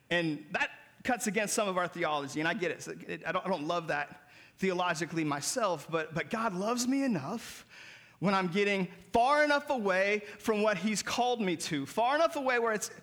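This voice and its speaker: High, bright-voiced male preacher. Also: expressive, normal speed. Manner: emphatic, explains Greek words. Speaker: pastor. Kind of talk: sermon.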